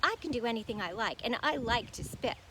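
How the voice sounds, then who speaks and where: A tiny, cocky frog, put on by a woman reading aloud brags in a squeaky, jumping voice that climbs high. He talks like the big boss of a storybook forest, with a faint hiss behind him. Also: animated, a little fast, a bit bright. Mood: bragging. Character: tiny boastful male frog, cheeky trickster.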